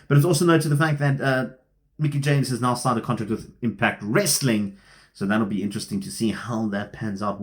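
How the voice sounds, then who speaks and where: Chatty man hosting a wrestling rumour show. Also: mid-range voice. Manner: chatty and lively, with frequent filler "uh"s. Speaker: wrestling news host. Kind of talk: casual rumour roundup vlog.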